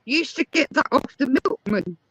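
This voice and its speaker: High, bright English woman chatting. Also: expressive, normal speed, no room sound, rough recording. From England. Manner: chatty, explains at length. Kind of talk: casual chat.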